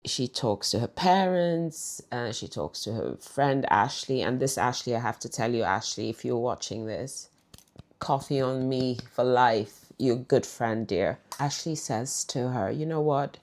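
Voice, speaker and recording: Lady vlogger spinning a yarn, really deep voice, chatty. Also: animated, a little slow, a little mellow. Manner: chatty, addresses viewers directly. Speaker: vlog storyteller. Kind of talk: casual storytelling to camera.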